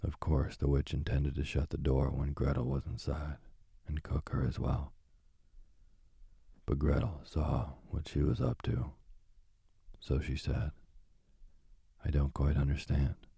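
A man reading a fairy tale aloud in a hushed, dramatic storytelling manner. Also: a bass voice, measured pace, gravelly, slightly rough, no echo, clean studio sound.

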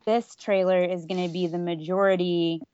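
A woman's voice: lowish voice, level tone, normal speed, warm tone, clean tone, dry recording. A woman co-hosting a casual podcast chat, earnest and opinionated, explaining her views at length. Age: adult. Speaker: podcast co-host. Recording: slightly dull dry audio.

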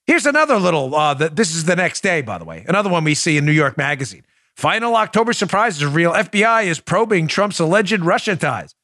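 A man hosting a political podcast, talking in a sarcastic, mocking way with loud bursts and muttered asides. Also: a little high, big pitch swings, fairly quick, dry recording, studio quality. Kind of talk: opinionated solo commentary.

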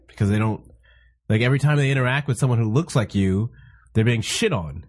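A man's voice: fairly low pitch, normal speed, a little mellow. A man in casual podcast chat, blunt and profane, talking through restarts and fillers.

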